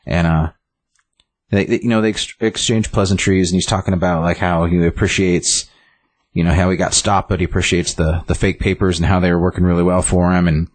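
Casting: low, husky-voiced guy, loose and rambling recap, dry room. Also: little pitch movement, fairly quick, dry recording. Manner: rambling, full of "like" and restarts. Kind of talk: casual recap of a story.

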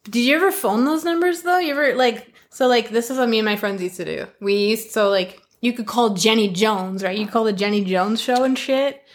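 Young Canadian woman co-host, loose, chatty, swears and laughs a lot, slightly high pitch. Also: a little fast, hardly any pauses. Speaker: podcast co-host. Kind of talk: casual chat.

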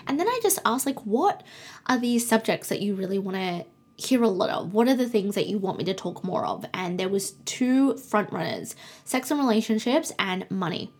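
A young woman with a breathy, slightly husky voice hosts a spiritual podcast. She reads cards and speaks softly and soothingly, slowing down to draw out her affirmations. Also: medium pitch, animated. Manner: soft, soothing, slows down for affirmations. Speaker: podcast host. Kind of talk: spiritual card-reading podcast talk.

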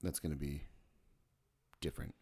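A man's voice: very deep voice, little pitch movement, normal speed, gravelly, warm tone, slightly rough. A man co-hosting a casual podcast chat, rambling and crude, joking and restarting his sentences. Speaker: podcast co-host.

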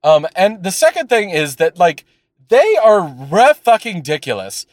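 Guy ranting on a podcast, kinda high voice, swears a lot, super dry close sound. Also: moderate pace, no echo. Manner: animated, profane, rambling with fillers. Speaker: podcast co-host. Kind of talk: casual chat.

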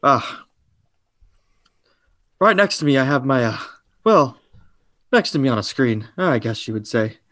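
A man voicing a big, good-natured, dim-witted henchman who talks in halting, friendly phrases. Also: mid-range voice, very animated, fairly bright tone, no room sound, clean studio sound. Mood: amiable. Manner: slow-witted, halting and amiable.

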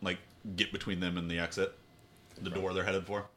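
A man's voice: deep voice, level tone, a little fast, a bit bright, a little hiss or hum. A man playing in a tabletop game, talking hesitantly with restarts as he works out his move, then speaking in character. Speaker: player. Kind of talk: casual tabletop game play.

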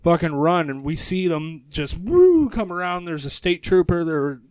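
A male guest musician on a casual podcast, telling a story in an animated way, swearing and acting out what people said. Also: fairly high pitch, moderate pace, dry recording. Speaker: guest guitarist.

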